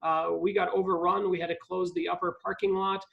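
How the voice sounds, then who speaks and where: A man's voice: sits high, flat delivery, a little fast, gravelly, narrow, tinny audio. A man from Ohio speaking as a guest on a live video call, with frequent ums and restarts. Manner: hesitant, many ums and restarts. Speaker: park district CEO, guest speaker.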